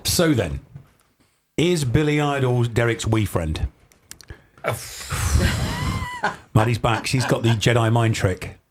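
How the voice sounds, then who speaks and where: A man hosting a late-night radio show, quick-witted and punning, laughing often as he jokes with his guests. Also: mid-range voice, slight background noise. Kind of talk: joking radio banter.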